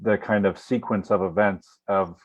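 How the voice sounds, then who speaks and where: A man co-hosting a political talk show, speaking casually with a hesitant delivery full of pauses and restarts. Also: on the low side, steady tone, highs cut off. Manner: hesitant, many fillers and restarts.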